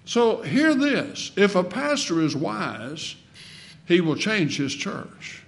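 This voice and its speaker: A man preaching a sermon in a folksy way, asking the congregation questions and swinging between loud emphasis and soft asides. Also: high-pitched, big pitch swings, slow, vocal fry.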